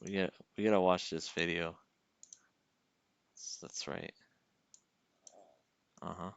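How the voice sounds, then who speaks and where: Low-voiced man playfully teasing his dog. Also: little pitch movement, takes it slowly, creaky, smooth, no room sound, highs cut off. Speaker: game developer streaming. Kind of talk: casual stream chat.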